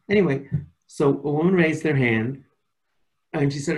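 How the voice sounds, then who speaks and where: A man, a school principal, telling stories to an audience in an animated way, with many restarts and acted-out dialogue. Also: on the high side, brisk, pauses often, low-quality recording. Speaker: school principal giving a talk. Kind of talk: casual lecture with audience questions.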